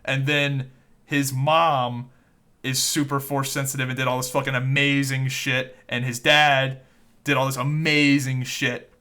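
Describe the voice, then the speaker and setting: Bright-voiced man rambling about movies. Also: medium pitch, little pitch movement, a little slow, clean tone. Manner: loose and profane, rambling with restarts. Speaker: podcast co-host. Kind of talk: casual chat.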